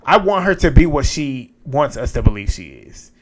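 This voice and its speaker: Guy doing a casual reality tv recap, blunt and chatty, swears a lot, normal pitch. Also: very animated, moderate pace. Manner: frank, blunt, profane, chatty.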